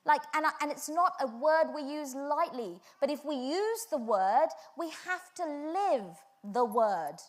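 A woman with a high, bright-pitched voice delivers a sermon. She tells personal stories with animation and builds her points to fervent emphasis. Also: animated, unhurried, few pauses. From England. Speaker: preacher.

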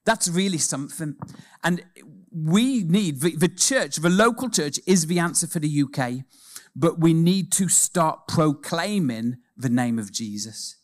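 A man delivers a sermon in a church, telling a story with lively, shifting emphasis. His speaking voice sits somewhat high for a man. He moves from hushed, slower stretches to emphatic, rising passages. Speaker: preacher.

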